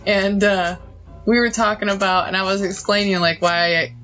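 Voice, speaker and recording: A woman's voice: medium pitch, fairly even intonation, moderate pace, fairly bright tone, dull audio, soft background music. A woman co-hosting a casual podcast chat, rambling and swearing freely, often laughing. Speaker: podcast co-host.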